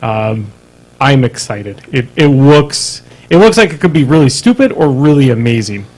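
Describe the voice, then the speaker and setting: Animated man on a podcast. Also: mid-range voice, moderate pace, rough recording. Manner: animated, laughs often, stumbles and restarts. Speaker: podcast co-host. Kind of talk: casual chat. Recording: live-streamed podcast.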